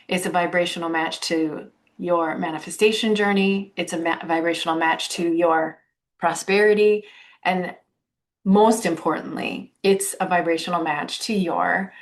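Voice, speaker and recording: A woman coaching on a live stream, bubbly and excitable, greeting viewers as she walks outdoors and talks into a phone. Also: lowish voice. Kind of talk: casual live-stream talk. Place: outdoors on a walk.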